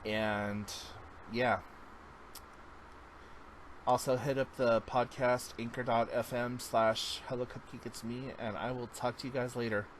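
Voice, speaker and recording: A man's voice: medium pitch, steady tone, a little slow, slight background noise, rough recording. A man vlogging a casual check-in, talking in an earnest, encouraging way that drifts into tangents.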